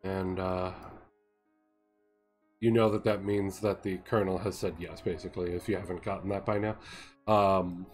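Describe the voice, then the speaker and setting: A man narrating as game master of a tabletop game, describing scenes in a relaxed way with small fillers. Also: deep voice, moderate pace, pauses often, faint music behind.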